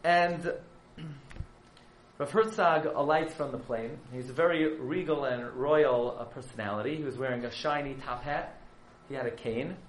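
A man who is a yeshiva rabbi, telling a story as a sermon, dramatic and surging from hushed to loud. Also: medium pitch, measured pace, echoey room, slight background noise, rough recording.

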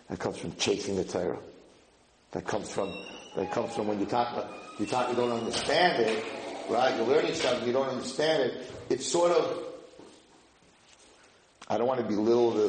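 A man giving an informal Torah class in English, mixing in Hebrew and Yiddish terms and breaking into loud acted-out shouting. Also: lowish voice. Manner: animated, acts out shouting students. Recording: echoey room, faint noise.

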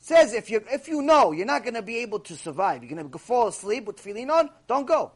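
A man teaching a Torah lecture in an animated, repetitive way, acting out voices as he speaks. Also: very high-pitched, quick pace, breathy edge. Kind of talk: recorded mussar lecture.

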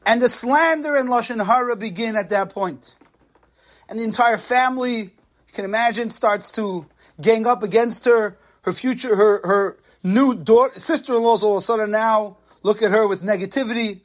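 A man with a fairly high voice delivers a sermon, spinning a story with lively, dramatic storytelling. He leans into each beat and draws the listener along. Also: a little fast. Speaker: lecturer.

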